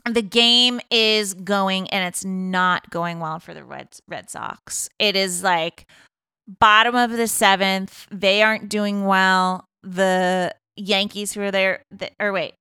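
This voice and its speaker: A woman from Boston casually retelling a film plot, animated and full of fillers, acting out the dialogue. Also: mid-range voice, slow pace, clear, resonant tone, no echo, studio quality.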